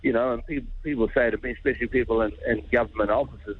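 A man's voice: mid-range voice, fast, husky, dry recording, narrow, tinny audio. A middle-aged man, a charity founder speaking earnestly and informally as a radio guest. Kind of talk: radio interview.

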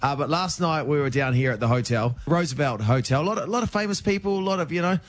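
A man's voice: a little high, lively intonation, fast talker, no echo. A man, co-hosting a radio show, telling a story and laughing at himself. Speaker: radio co-host. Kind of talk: radio banter.

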